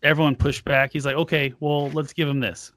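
A man's voice: fairly high pitch, level tone, brisk, a bit bright, slight background noise. A man co-hosting a casual podcast, rambling frankly and swearing now and then. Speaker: podcast co-host. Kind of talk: casual chat.

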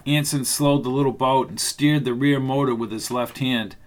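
A man reading a novel aloud as narrator, in a steady, measured way. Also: mid-range voice. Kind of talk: audiobook narration.

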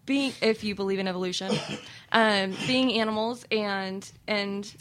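A woman's voice: medium pitch, a little slow, background noise. A young woman co-hosting a podcast, talking frankly in casual chat, swearing and laughing often.

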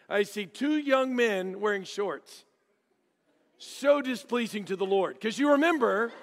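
Middle-aged preacher, high voice, jokey storyteller, church reverb. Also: male voice. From Dallas, Texas. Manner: joking, animated storytelling with acted-out voices. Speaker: guest preacher. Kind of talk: storytelling sermon. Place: church sanctuary.

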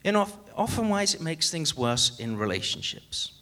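A man preaching a sermon as pastor in an animated, jokey way, with sudden swings in loudness. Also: a little high, normal speed.

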